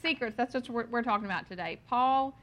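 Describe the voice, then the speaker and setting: A woman's voice: fairly high pitch, fairly quick, a bit bright. A woman leading a Bible study who reads scripture aloud, then teaches in a chatty, personal way, with frequent ums and laughing at her own stories.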